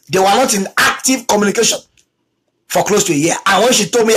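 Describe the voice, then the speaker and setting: A preacher giving a talk on abuse in marriage, repeating key lines for emphasis and acting out quoted spouses in a lower voice. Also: quick pace, a bit bright, slightly rough, rough recording. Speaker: teacher on marriage.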